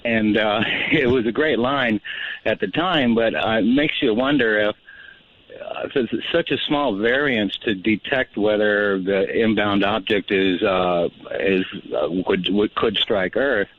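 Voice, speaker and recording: A man's voice: on the low side, a little slow. A man calling in to a radio show, speaking in a rambling, meandering way. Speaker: caller. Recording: tinny phone line.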